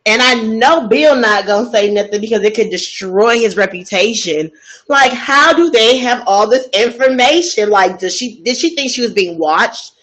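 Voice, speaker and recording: A woman host telling a story in a casual, gossipy way, chatty and expressive, asking many rhetorical questions. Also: a little high, moderate pace, poor audio.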